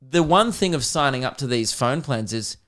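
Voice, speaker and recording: Australian comedian telling rambling stories. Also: male voice, mid-range voice, normal speed. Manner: rambling, animated, slips into voices. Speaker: comedian podcast host. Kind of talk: casual comedic storytelling.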